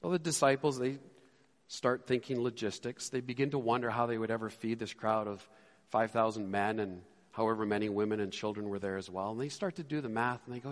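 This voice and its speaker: A man preaching a sermon as a pastor, animated and acting out the disciples' lines. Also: fairly low pitch, a little fast, long reverb tail.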